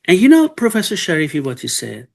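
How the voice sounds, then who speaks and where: A man interviewing a professor, telling a story in a conversational, animated way with frequent laughter; he is not an English speaker. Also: on the high side, fast talker, creaky. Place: Germany.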